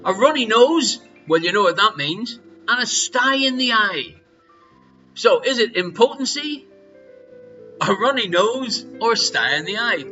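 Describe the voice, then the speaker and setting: A man's voice: sits high, lively intonation, measured pace, sharp tone, lo-fi sound. An Irish man hosting a live quiz from his home, reading questions and teasing viewers with jokey banter. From Ireland. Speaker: quiz host. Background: faint music.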